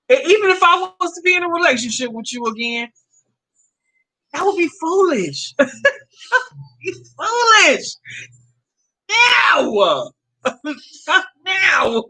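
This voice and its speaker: Lively, bright-voiced woman in her fifties. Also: high-pitched, rough recording. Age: 50s. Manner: animated, laughs often, addresses viewers as y'all. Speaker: vlogger. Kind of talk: casual storytelling to viewers.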